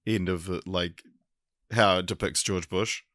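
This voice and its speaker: Low-voiced man with short asides. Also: fairly even intonation, unhurried, a bit bright, no room sound, clean studio sound. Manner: brief laid-back asides and agreement. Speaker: podcast co-host. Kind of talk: casual film review chat.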